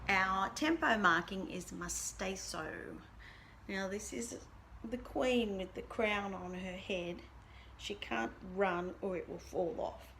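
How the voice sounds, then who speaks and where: Slow-talking band teacher woman. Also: medium pitch, creaky, a bit bright, a little hiss or hum. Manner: sings rhythms aloud on nonsense syllables; patient, explains step by step. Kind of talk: recorded music lesson.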